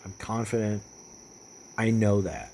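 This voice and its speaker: A young man talking in a casual vlog monologue, rambling with lots of fillers and swearing, getting animated as he retells stories. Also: on the low side, measured pace, a little hiss or hum. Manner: rambling, profane, with many fillers and restarts. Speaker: vlogger.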